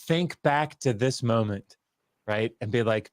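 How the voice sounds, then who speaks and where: A man's voice: medium pitch, measured pace, dry recording, clean studio sound. A man telling a self-mocking story in casual talk, acting out the voices of the people he quotes. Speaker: guest scholar. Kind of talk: casual storytelling on a video call.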